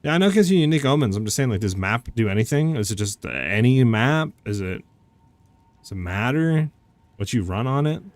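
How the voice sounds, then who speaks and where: A man's voice: medium pitch, sing-song, fairly quick, dry recording. A young man streaming a game, chatting casually and answering chat questions with lots of "like" fillers. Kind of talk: casual live-stream commentary.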